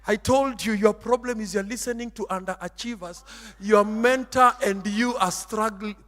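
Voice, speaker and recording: A man preaching a sermon, emphatic and theatrical, dropping into Swahili, shouting and turning sing-song. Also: sits high, moderate pace, in a large hall, soft background music. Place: church hall.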